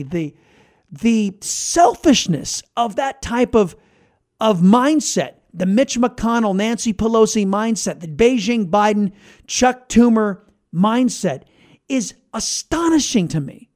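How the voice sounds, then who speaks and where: Combative high-pitched male talk host. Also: big pitch swings, slow pace, darkish tone. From United States. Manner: combative, sarcastic, emphatic. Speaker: podcast host. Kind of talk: opinionated political talk.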